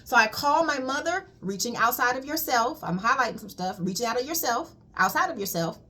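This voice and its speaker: A woman's voice: on the high side, animated, brisk, pushed and bright. A woman colon hydrotherapist giving a casual spiritual wellness talk, emphatic and repetitive, calling listeners "queen.".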